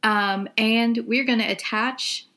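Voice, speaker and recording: A woman's voice: on the high side, fairly even intonation, slow, pushed and bright. A young adult woman co-hosting a podcast, chatting casually with many "like" and "um" fillers. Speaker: podcast co-host.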